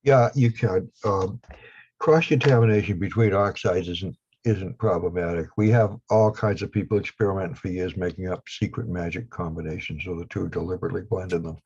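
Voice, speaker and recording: Brisk and blunt, this guest, a man with a Down East Maine accent who makes lapidary equipment, rambles with dry humor in a video call interview. His voice sits low with a steady tone, darkish and slightly rough. The audio is dull and lo-fi, as on a video call.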